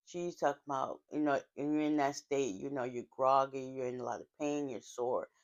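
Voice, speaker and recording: A woman's voice: a bass voice, normal speed, lo-fi sound. A woman casually recapping a TV drama episode in a chatty, heartfelt storytelling way, with frequent fillers and asides. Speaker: TV show recapper.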